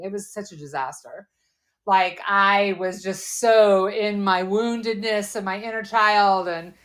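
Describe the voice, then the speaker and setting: A woman in her forties co-hosting a podcast, talking candidly and earnestly about her own past, often trailing off softly. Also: mid-range voice. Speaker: podcast co-host.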